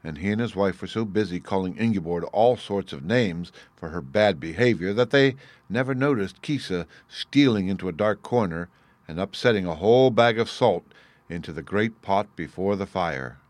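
Deep male fairy-tale narrator, measured, dry booth sound. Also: dry recording. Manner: measured, expressive. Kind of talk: storybook reading.

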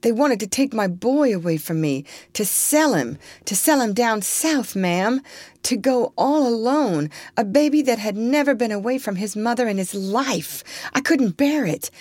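A woman reading aloud and voicing a desperate young runaway mother, pleading in a high, breathless voice. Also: lively intonation, a little slow, darkish tone, dry recording.

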